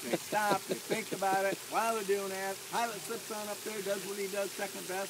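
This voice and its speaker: A man's voice: high voice, level tone, fairly quick, background noise. A man working as a hot air balloon pilot, telling passengers a story in a playful, teasing way and laughing at his own jokes, outdoors in a field.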